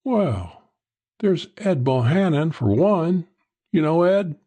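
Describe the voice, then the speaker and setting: A man doing a high, coaxing barroom girl. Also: very animated, slow, mellow, full character voice.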